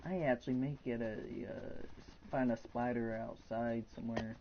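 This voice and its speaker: A man's voice: medium pitch, steady tone, moderate pace, lo-fi sound, slight background noise. A man in his twenties chatting casually and frankly from his bedroom during a live game stream. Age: 20s. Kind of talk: casual rambling chat.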